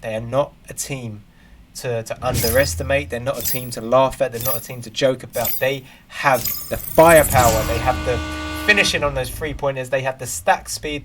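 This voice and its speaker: A man commentating an esports match play-by-play, close on the mic, with music playing behind him. His voice sits in a middling pitch, and he breaks into loud excited bursts on the big plays. Between calls he chats casually to the viewers. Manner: chatty asides to viewers.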